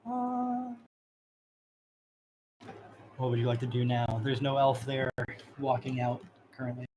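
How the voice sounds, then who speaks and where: A man's voice: mid-range voice, little pitch movement, brisk, darkish tone, dull audio, a little hiss or hum. Casual man narrating a tabletop game. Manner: casual, descriptive, loose narration. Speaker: game master.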